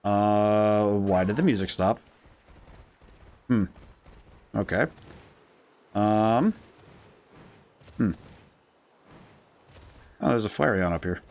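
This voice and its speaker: A man streaming a video game with a dry, cracking throat, thinking aloud and breaking into excited, disbelieving outbursts. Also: lowish voice, extremely slow, long pauses. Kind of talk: casual let's-play commentary.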